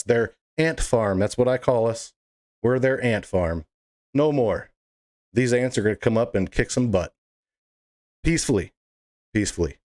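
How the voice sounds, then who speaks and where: Speaking in a fairly low, slightly mellow voice, a man gives a fiery, indignant monologue to camera as a political video blogger, pressing his points emphatically and with passion.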